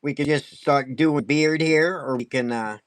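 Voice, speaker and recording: A man teaching wood carving on a casual live stream, talking fast and excitably and laughing often. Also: fairly high pitch, dry recording.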